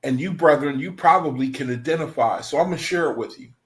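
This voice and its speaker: A man's voice: a little high, fast. A man hosting an online study group, talking casually and rambling, repeating himself and calling his viewers brethren. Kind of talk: casual livestream talk to viewers.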